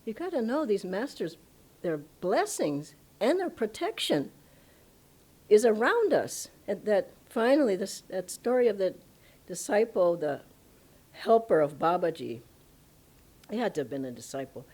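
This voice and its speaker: A woman spiritual teacher telling stories at a satsang, emphatic and animated, often breaking into laughter. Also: medium pitch, unhurried, husky. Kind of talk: storytelling satsang talk. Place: ashram satsang hall.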